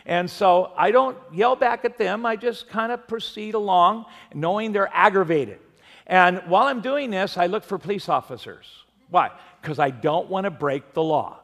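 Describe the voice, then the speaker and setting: High gravelly man preaching in a hall. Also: moderate pace, fairly bright tone. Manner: conversational preaching with humorous anecdotes. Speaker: pastor. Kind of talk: sermon.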